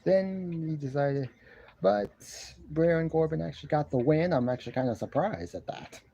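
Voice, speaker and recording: A man talks from his love seat at home, rambling through a casual review and repeating his own phrases. His voice is dark and mellow, and he sounds congested and keeps clearing his throat. The home recording sounds dull and lo-fi. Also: a little high, lively intonation, moderate pace. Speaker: wrestling show reviewer. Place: living room at home, seated on a love seat. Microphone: camera in front of him.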